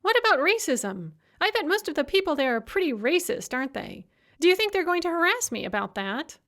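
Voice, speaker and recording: A woman's voice: very high voice, sing-song, brisk, a bit bright, pitched above the performer's own voice, heavily acted. A woman narrator voicing a supercilious, self-absorbed young woman activist who whines and talks down to others. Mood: complaining, superior. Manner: condescending, complaining.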